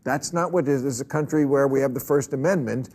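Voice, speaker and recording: A male talk show host chatting casually with a guest, wry and quick with a quip. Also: medium pitch, a little mellow. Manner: wry, quipping, chuckles often.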